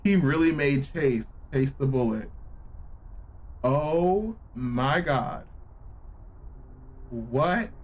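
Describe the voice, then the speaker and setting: Animated man reacting to a game live. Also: mid-range voice, extremely slow, long pauses. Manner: animated, exclamatory, profane reactions; slangy, playful banter with chat. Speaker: streamer. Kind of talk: live gameplay reaction commentary.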